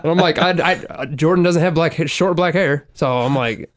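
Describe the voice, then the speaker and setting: A man co-hosting a podcast, telling stories in a casual, profane and animated way, with loud exclaimed quotes. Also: fairly high pitch, moderate pace, no room sound, clean studio sound. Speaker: podcast co-host. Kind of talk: casual chat, storytelling.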